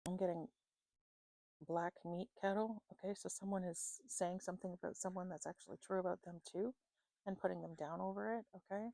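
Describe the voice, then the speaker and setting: A woman giving an intuitive psychic reading to viewers, listing names and places in an unhurried way, often pausing with "um" and checking in with "okay?". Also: on the low side, steady tone, vocal fry, warm tone, no echo, poor audio. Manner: unhurried, many fillers and "okay?" check-ins. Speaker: psychic reader.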